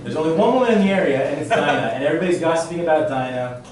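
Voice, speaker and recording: A man's voice: fairly high pitch, expressive, very fast, darkish tone, slight background noise. A man in a chorus explaining the staging at a rehearsal, hesitant and full of fillers. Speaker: chorus member. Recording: echoey room, mic far off.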